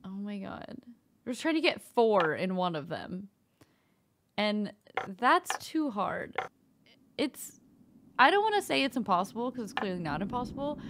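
A woman's voice: medium pitch, very animated, moderate pace, long pauses, noisy background. A woman streaming a puzzle game, thinking aloud in casual commentary, frustrated and self-mocking, swearing at herself as she goes. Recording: loud game music behind. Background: loud music.

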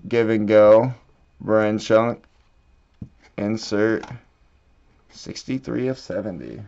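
A man hosting a card-breaking video, quietly reading off card names and bursting out loud at the big pulls. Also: on the low side, takes it slowly, gravelly, clean tone, highs cut off. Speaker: card-breaking channel host. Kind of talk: casual pack-opening commentary.

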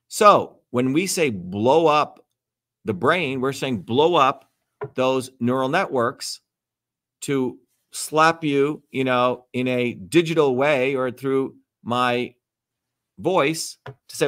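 A man's voice: medium pitch, slow pace, a bit bright. A man hosting a livestream Q&A, talking bluntly and emphatically, lecturing and swearing freely. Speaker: host. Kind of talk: livestream Q&A talk.

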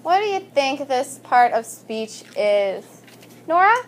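A woman's voice: sits high, very animated, slow, a little hiss or hum. A woman teaching a vocabulary lesson in a classroom, upbeat and calling on students by name.

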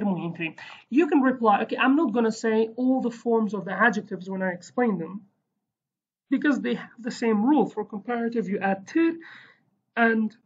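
A woman's voice: mid-range voice, a little mellow, breathy edge, lo-fi sound. A woman teaching a casual online language lesson, chatty and digressive, with many fillers and self-corrections.

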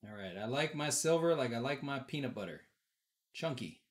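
A man's voice: medium pitch, lively intonation, moderate pace. A man hosting a casual live-stream auction, calling out bids and chatting with viewers in an upbeat way. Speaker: auction host.

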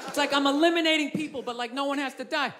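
A man doing stand-up comedy, loud and profane, ranting and mocking people in put-on voices. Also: very high voice, fast, noisy background. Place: comedy club stage. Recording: live club recording with crowd laughter. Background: audience laughing.

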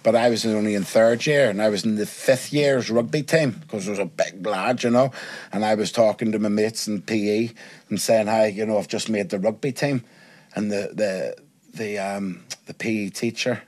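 A man guesting on a casual podcast, telling school stories with lots of swearing and acted-out voices. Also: fairly low pitch. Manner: animated storytelling, swears freely, acts out quoted voices.

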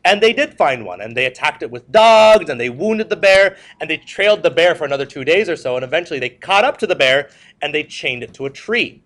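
A man's voice: a little high, expressive, fairly quick, few pauses, fairly bright tone. A male history teacher giving a classroom lecture. He tells stories with jokes and puts questions to the class. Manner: joking, storytelling, asks the class questions.

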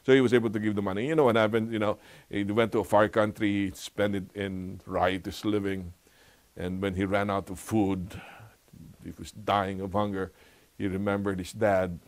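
A man's voice: lowish voice, level tone, moderate pace. A man teaching a Bible lesson in a conversational way, asking rhetorical questions and laughing often. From Philippines. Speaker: Sabbath school teacher.

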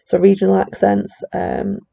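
A woman's voice: medium pitch, monotone, moderate pace, creaky, dark tone, husky, dry recording, dull audio. A teacher, a woman with a broad Chorley accent, explains a research study in a chatty lecture with plenty of fillers. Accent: Chorley, Lancashire. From England.

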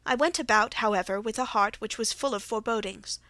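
A woman's voice: a little high, a little fast, pushed and bright, no echo. Woman reading a classic audiobook story. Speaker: audiobook narrator.

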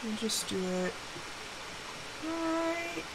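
A young woman chatting casually while playing a game on a live stream, telling animated stories and putting on quick quoted voices. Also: very high-pitched, very noisy.

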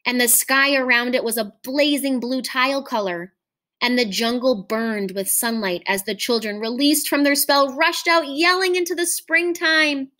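A woman teacher reads a short story aloud at an even, measured pace. Her voice sits a little on the high side, and she is expressive without being theatrical.

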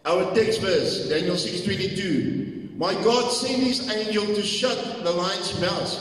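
A man preaching a sermon, reading scripture slowly and explaining it with many fillers. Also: sits high. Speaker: pastor. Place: church hall. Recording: echoey church hall from far off.

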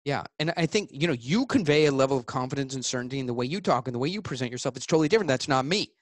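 A man being interviewed as a guest author, talking in a blunt, emphatic way and acting out both sides of sales pitches. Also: lively intonation, racing, no echo, clean studio sound.

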